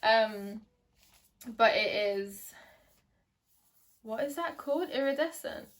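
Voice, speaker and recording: A woman's voice: fairly high pitch, animated, takes it slowly. A young woman giving a casual book review, chatty and hesitant, with many ums and restarts. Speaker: book vlogger.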